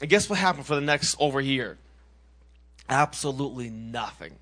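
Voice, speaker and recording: A man in his twenties from Massachusetts, sharing his personal testimony as a youth minister in an earnest, animated way, often restarting his sentences. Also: mid-range voice, moderate pace. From Massachusetts, USA.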